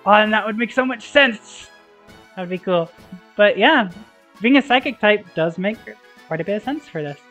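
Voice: medium pitch, animated, normal speed, fairly bright tone. A playful streamer commentating a game and reading its dialogue aloud in a casual, giggly way, with game music under the voice. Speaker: let's play host. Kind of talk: casual let's play commentary. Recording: slightly dull mic, game music under.

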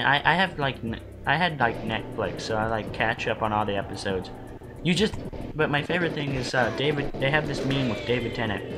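A man co-hosting a let's play, talking in a loose, rambling way and often stopping to restart his sentences. His voice sits at an ordinary middle pitch. Loud game music plays under his chat. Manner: rambling, halting, many restarts and fillers. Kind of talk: casual gaming commentary.

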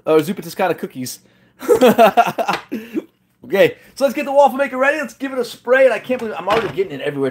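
A man with a high-pitched voice hosts a cooking challenge from his home kitchen. He chats with his live viewers in a joking, self-deprecating way, and faint clattering dishes can be heard behind him. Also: background noise. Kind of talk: casual live-stream chat.

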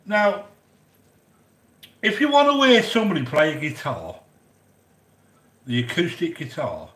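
A man's voice: a little high, big pitch swings, a little slow, long pauses, fairly bright tone. A man hosting a cooking channel, chatting casually and effusively as he reads out viewer comments, repeating himself with plenty of fillers. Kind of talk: casual live-stream chat reading viewer comments. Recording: echoey room.

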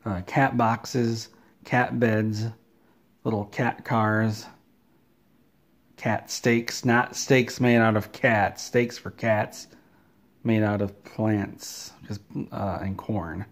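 A man rambles through a silly story in a flat, deadpan delivery. His voice sits somewhat low for a man, and his tone stays dry. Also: extremely slow. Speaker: comedy vlogger. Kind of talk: absurd comic storytelling.

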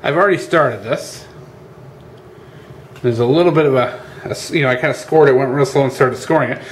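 A man's voice: mid-range voice, brisk. A man hosting a casual how-to demonstration, chatty and informal, often calling viewers "guys" and using plenty of fillers, recorded outdoors. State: out of breath at times. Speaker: channel host. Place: outdoors at a workbench. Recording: echoey with faint ambient noise.

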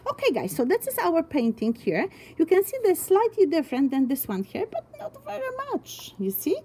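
A woman's voice: sits high, very animated, a little fast, dark tone. A woman art teacher giving a chatty, encouraging step-by-step drawing demonstration, thinking aloud as she works.

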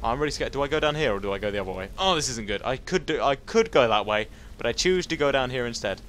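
A man giving casual, jumpy let's-play commentary, talking to enemies and reacting out loud. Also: mid-range voice, fast, slight background noise. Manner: jumpy, excitable, talks to enemies. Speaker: gameplay commentator.

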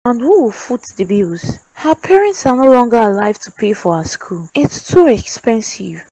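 A woman's voice: on the high side, sing-song, normal speed, dark tone, in a large hall, muffled recording. A woman voicing a stubborn mother who speaks bluntly and scornfully in a cartoon drama. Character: stubborn mother, tight with money.

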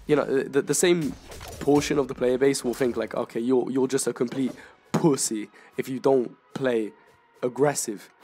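A young man talks casually over his gameplay in a voice made hoarse by illness. He rambles, halts and restarts his sentences often. Faint game music plays beneath his voice. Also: medium pitch, darkish tone. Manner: rambling, halting, many restarts. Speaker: gaming YouTuber.

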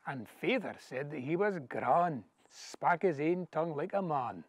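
A Scottish man reciting a poem in a steady, rhythmic cadence, slipping easily into Scots dialect. His voice sits slightly high for a man. The recording is dry and close, with no room sound. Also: unhurried, breathy edge, no echo. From Scotland. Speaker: poetry reader. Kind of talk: poetry reading. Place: outdoors, back garden.

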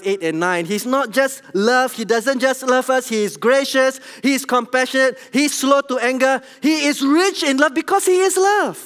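A middle-aged man with a Singaporean English accent, preaching a church sermon in an animated, conversational way and asking the congregation questions. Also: extremely high pitch, clean tone. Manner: animated, conversational, tells jokes at his own expense, asks the congregation questions. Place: large church hall. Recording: long hall reverb.

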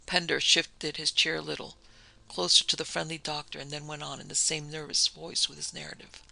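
Gravelly man narrating a classic story. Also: a little high, level tone, fairly quick, bright, forceful tone, low-quality recording. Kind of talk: scripted audiobook narration.

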